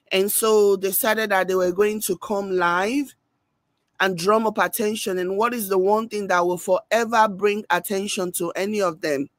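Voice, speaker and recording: A woman giving animated reaction-video commentary. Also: medium pitch, no echo. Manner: animated, mimics people she discusses.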